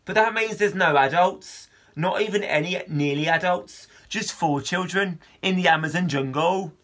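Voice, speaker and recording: Man putting on a high, huffy little girl; anxious and bossy, snaps back fast. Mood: indignant. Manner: quick, sharp retorts.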